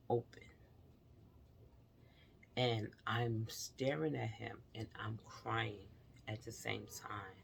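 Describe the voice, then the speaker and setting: A woman's voice: rumbling low, gravelly, slight background noise. A woman vlogger recounting a personal experience to her viewers, earnest and confiding, talking straight to them.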